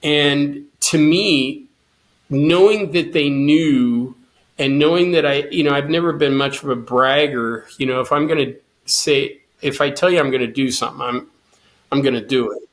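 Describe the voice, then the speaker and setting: A man's voice: medium pitch, normal speed. Earnest man telling his story. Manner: earnest, quotes his own thoughts with rising intensity. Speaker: guest, cancer survivor and swimmer. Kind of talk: storytelling interview.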